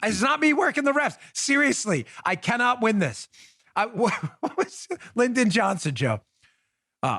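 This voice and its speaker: A man's voice: very high-pitched, very animated, a little slow, pushed and bright, no room sound. A man in his forties hosting a political talk show, riffing in sarcastic mock pleas with lots of restarts, into a studio microphone. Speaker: podcast host.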